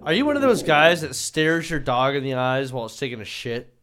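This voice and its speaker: A man's voice: medium pitch, sing-song, a little fast, background noise. A man telling stories and making sarcastic remarks in a casual podcast chat. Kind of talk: casual banter.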